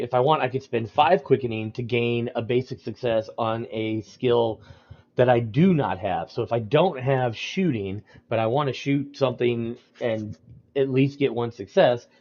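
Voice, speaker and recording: A man's voice: medium pitch, normal speed, a little mellow, dull audio. Rambling man explaining game rules. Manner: rambling, many ums and restarts. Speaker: storyteller explaining game mechanics. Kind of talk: casual livestream talk.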